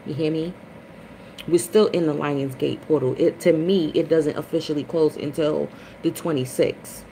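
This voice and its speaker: A woman hosting a casual spiritual livestream chat, chatty and expressive, greeting viewers by name. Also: moderate pace, slight background noise, rough recording. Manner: dramatic swings into high, loud retellings. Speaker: livestream host.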